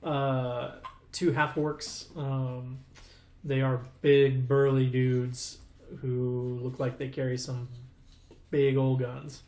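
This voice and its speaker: A man's voice: medium pitch, level tone, slow pace, mellow, reverberant. A man running a tabletop game as game master, easygoing, with lots of fillers and laughs.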